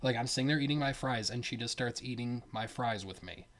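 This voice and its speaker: Young man, animated laughing storyteller, casual slangy chat. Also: mid-range voice, fairly quick. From Detroit, Michigan.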